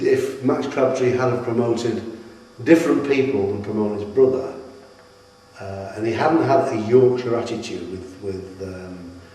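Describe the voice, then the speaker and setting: A man's voice: fairly low pitch, dark tone. A middle-aged man tells wrestling stories in an interview at his home, rambling with many restarts. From Britain. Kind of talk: anecdotal interview storytelling. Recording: echoey room, mic at a distance.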